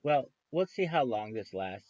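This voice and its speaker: A man's voice: mid-range voice, sing-song, unhurried, darkish tone, no room sound, dull audio. A man streaming live, chatting casually in a rambling way, with frequent restarts and free swearing.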